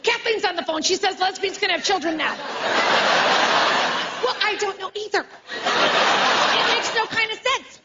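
A woman voicing her cranky elderly Catholic mother, who drags out curse after curse in exasperation. It is a dull live recording over loud crowd noise. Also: very high voice. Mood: exasperated. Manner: exasperated, drawn-out cursing.

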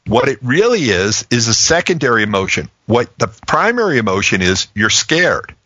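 A man explaining how to talk through feelings in a casual talk show, acting out the lines people might say. His voice is bright and forceful. The recording is dry and slightly muffled. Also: mid-range voice, normal speed, dry recording. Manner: animated, acts out example phrasings. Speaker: relationship communication expert guest.

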